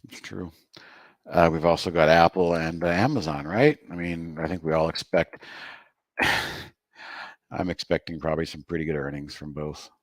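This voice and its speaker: A man hosting a live trading room, talking casually about stocks with relaxed, chatty asides and light laughs. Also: deep voice, moderate pace, long pauses, dry recording. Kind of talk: casual live market commentary.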